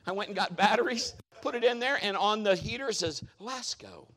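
Animated storytelling male pastor. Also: normal speed. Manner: animated storytelling, acts out quotes with big pitch jumps. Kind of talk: sermon.

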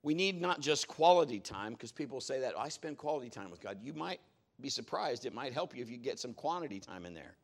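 A middle-aged man preaching a sermon as a pastor, telling a story with lively, acted-out quotes that jump high and low. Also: fairly quick, creaky. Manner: animated storytelling, acts out quotes with big pitch jumps.

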